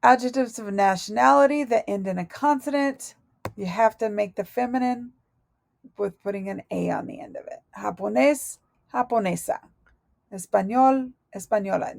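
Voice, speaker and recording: A woman teaching a Spanish lesson from her notes, speaking slowly and deliberately and correcting herself aloud as she goes. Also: mid-range voice, gravelly, a little mellow, dry recording. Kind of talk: recorded lesson reading through notes.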